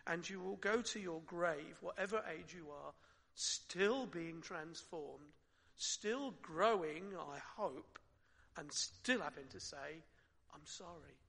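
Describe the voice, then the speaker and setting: A man preaching with a high, bright voice that rings through a long-reverb hall. He talks to his listeners conversationally, asks them questions and sinks to a quiet voice at times. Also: slow, creaky, husky. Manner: conversational, with rhetorical questions and soft drops. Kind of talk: sermon.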